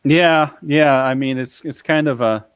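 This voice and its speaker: A man hosting a casual podcast interview, curious and thinking out loud. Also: on the high side, unhurried, clean tone, no room sound.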